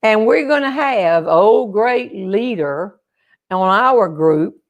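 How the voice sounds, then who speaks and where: Older woman, comic storyteller, animated delivery, acts out the other voices. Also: medium pitch, takes it slowly, lo-fi sound. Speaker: humorist storyteller.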